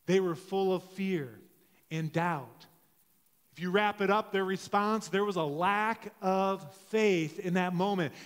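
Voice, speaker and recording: A man in his forties gives a conversational sermon in a high voice. He tells stories in a relaxed way and often stops to correct himself. The sound carries the long reverb of a church hall. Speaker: pastor. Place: church sanctuary.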